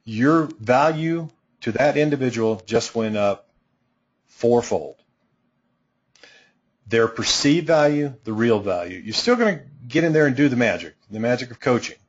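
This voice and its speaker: A middle-aged man teaches coaches in a training seminar, direct and emphatic with a playful edge. His voice is husky and sits at an ordinary pitch. The recording sounds dull and lo-fi. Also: expressive, a little slow. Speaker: coaching instructor.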